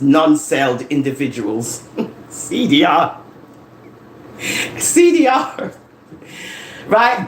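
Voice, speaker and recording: A live-stream host, chatting casually from home into a phone, animated and laughing as they tease and tell stories. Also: medium pitch, extremely slow, long pauses, slight background noise. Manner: animated, laughing, teasing rants and storytelling. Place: home living room. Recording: echoey room with faint ambience.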